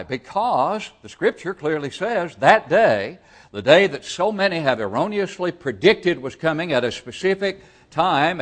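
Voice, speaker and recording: Male preacher, mid-pitched, measured and emphatic with hesitant fillers, quizzes his congregation. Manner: asks the listeners questions. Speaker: preacher teaching a Bible class. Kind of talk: evening Bible lesson sermon.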